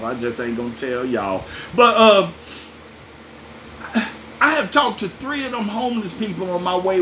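A man preaching with a swinging, animated voice that sits a little higher than most. He keeps it folksy and chatty, tossing asides straight to his listeners. A faint hiss of noise sits under the recording. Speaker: pastor. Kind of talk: sermon.

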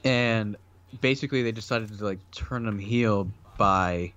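A man's voice: lowish voice, unhurried, a bit bright, highs cut off. A man co-hosting a casual podcast chat, talking loosely with lots of fillers and frequent laughs. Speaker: podcast co-host.

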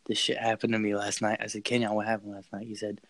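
A young man excitedly telling a scary story in a casual chat, swearing and repeating himself. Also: on the low side, fast, no room sound, poor audio. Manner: excited, profane, repeats phrases.

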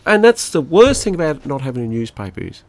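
Gravelly Australian dad, lively chat. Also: male voice, a little high, fast talker. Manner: rambling, chatty storyteller with laughs. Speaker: podcast co-host and father. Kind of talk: casual chat.

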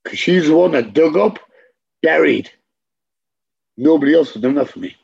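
Husky slow-talking guy, swears a lot, repeats himself, muffled lo-fi sound. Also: on the high side, lively intonation, darkish tone. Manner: blunt, profane, repeats himself. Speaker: interviewee. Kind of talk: candid documentary interview.

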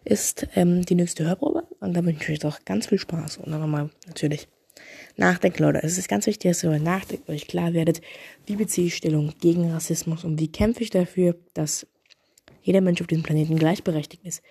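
A woman's voice: on the low side, a little fast, gravelly, mellow, breathy edge. A woman podcast host introducing an audiobook sample in an earnest, urging manner. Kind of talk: casual spoken introduction.

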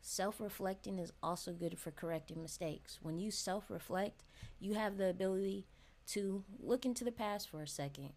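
A young woman hosting a casual solo podcast, talking frankly and chattily straight to her listeners. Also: medium pitch. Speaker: podcast host.

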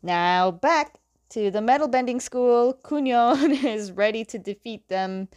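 A woman's voice: fairly high pitch, expressive, a little slow, a little mellow. Chatty woman retelling a comic plot. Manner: chatty, fills with "like", laughs between beats. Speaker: comic book recapper.

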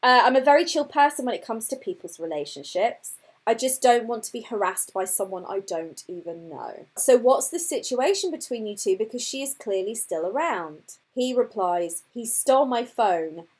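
Animated, husky woman telling a story. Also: a little high, moderate pace. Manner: animated storytelling, reading out text messages. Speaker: podcast host telling her dating story. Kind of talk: casual chat.

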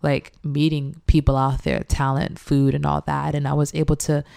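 A young woman chef, animated and laughing often as she acts out quoted speech in a casual interview. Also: low-pitched, normal speed, creaky. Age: young adult.

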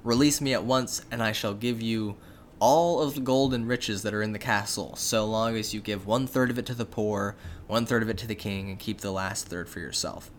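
A man voicing a tall, menacing old fiend in tattered rags, speaking slowly in old-fashioned phrases. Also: fairly low pitch, a little hiss or hum, lightly acted. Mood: astonished.

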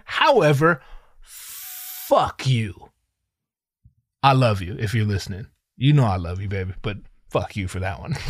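A middle-aged man hosting a podcast, ranting casually in a profane, rambling, animated way. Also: mid-range voice, dry recording, clean studio sound. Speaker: podcast host. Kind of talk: casual solo podcast rant.

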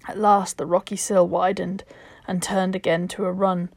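A woman narrating a storybook in a calm, measured way, at times dropping to a whisper. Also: fairly low pitch, no room sound.

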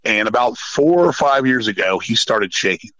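A middle-aged man telling stories in a casual podcast chat, swearing often and rambling in an animated way. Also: medium pitch, moderate pace, no echo, highs cut off. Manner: profane, animated, rambling storyteller. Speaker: podcast guest, metal musician.

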